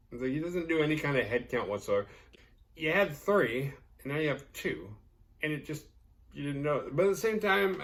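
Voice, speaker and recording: A man's voice: fairly high pitch, fairly bright tone. A man hosting a horror movie podcast, recapping a film in a rambling, sarcastic, profane way. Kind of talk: casual movie recap with jokes.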